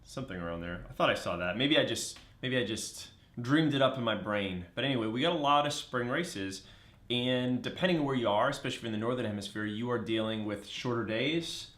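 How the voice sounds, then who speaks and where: A man's voice: medium pitch, brisk, fairly bright tone. A man co-hosting a live running show, upbeat and chatty, reading viewer comments and talking to the audience. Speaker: co-host. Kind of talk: casual live-stream chat. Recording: roomy echo.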